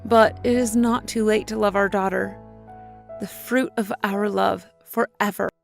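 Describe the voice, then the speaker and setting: Gravelly woman reading an emotional story. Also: medium pitch, fairly even intonation, measured pace, faint music behind. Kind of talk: scripted first-person narration.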